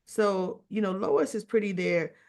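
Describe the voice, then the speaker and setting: A woman's voice: medium pitch, animated, measured pace, vocal fry, darkish tone. A woman giving a casual recap of a soap opera episode, retelling the scenes and quoting each character in turn.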